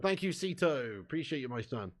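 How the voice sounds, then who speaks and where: A young man hosting a live football watch-along, bantering with his chat and swearing freely, getting loud when a chance comes. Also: mid-range voice, sing-song, a little fast.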